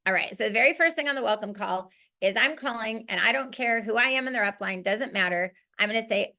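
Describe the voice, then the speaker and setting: Woman, team leader, upbeat coaching, bright tone, gravelly fry. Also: fairly high pitch, brisk. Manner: upbeat, coaching tone with acted-out call scripts. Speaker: network marketing team leader. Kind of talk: training call.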